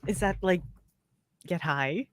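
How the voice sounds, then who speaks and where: A woman's voice: lowish voice, slow pace, slight background noise. A woman hosting a casual live-stream chat, laughing often between her words. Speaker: host.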